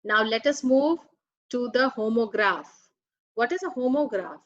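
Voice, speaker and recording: With lively intonation and a slightly high pitch, a woman works through an English grammar lesson, deliberately reading words and meanings one after another in a slow, explanatory way. The lo-fi recording has no room sound.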